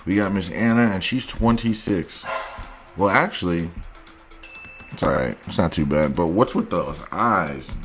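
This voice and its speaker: Male dating host, very deep voice, blunt and crude, mocking tone, faint music underneath. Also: a little slow. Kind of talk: reaction commentary on dating profiles.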